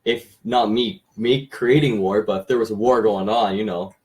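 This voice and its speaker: A young man, a joking co-host in a casual livestream chat who is quick to laugh. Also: on the low side, steady tone, a little mellow. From Canada.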